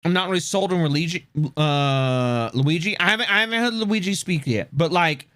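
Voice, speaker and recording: A man streaming live, reacting loudly with lots of swearing and laughter. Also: high voice, animated, normal speed, smooth, no room sound, studio quality. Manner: loud, profane, laughing often.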